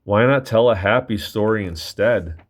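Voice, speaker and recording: A man voicing a fussing, gentle mother ape in a storybook reading, with a coaxing, sing-song manner. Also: fairly low pitch, normal speed, lightly acted.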